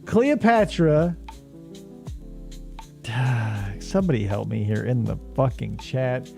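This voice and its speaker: A man's voice: medium pitch, animated, takes it slowly, gravelly, a little mellow, faint music behind. A man hosting a livestream, joking and swearing, now and then slipping into mocking voices. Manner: jokey, profane, does mocking voices. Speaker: streamer host. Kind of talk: casual livestream commentary.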